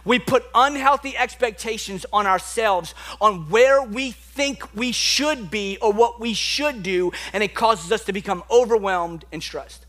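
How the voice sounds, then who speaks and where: Young male preacher, high bright voice, animated conversational delivery, church sermon. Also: unhurried, few pauses. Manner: animated, conversational preaching with sudden drops to quiet intensity. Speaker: pastor. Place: church sanctuary.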